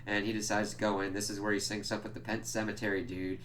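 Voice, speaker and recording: Profane, exasperated male reviewer, lowish voice. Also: level tone, quick pace, a bit bright, slight background noise. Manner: profane, exasperated, mock-quotes characters. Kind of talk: casual spoken episode review.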